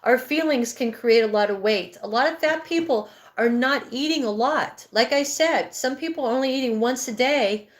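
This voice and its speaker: A woman's voice: on the high side, moderate pace, hardly any pauses. A woman in her fifties coaching breathwork on a live stream, candid and rambling, often correcting herself mid-sentence. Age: 50s.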